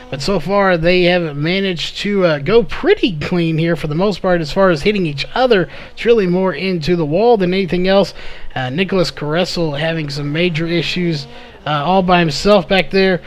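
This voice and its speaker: A man calling a live race play-by-play, slightly hoarse from losing his voice, with frequent "uh" fillers. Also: sits high. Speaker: race commentator.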